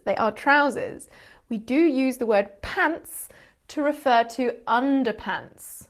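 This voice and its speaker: A British woman with a high, animated voice takes it slowly as she explains vocabulary to camera. She is an English teacher and channel host, playfully covering word differences with frequent laughs and teasing asides.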